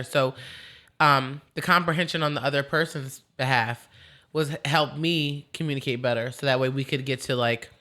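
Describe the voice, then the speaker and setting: Woman hosting a podcast, chatty and rambling, laughs a lot, bright forceful voice. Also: low voice. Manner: animated and rambling, quick to laugh. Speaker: podcast host. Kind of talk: casual chat.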